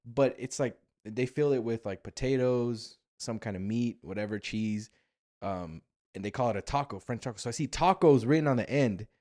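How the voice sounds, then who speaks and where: A young man from Las Vegas hosting a casual podcast chat, telling travel stories with lively, swearing energy. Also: medium pitch, normal speed. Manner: animated storyteller, swears freely. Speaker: podcast host.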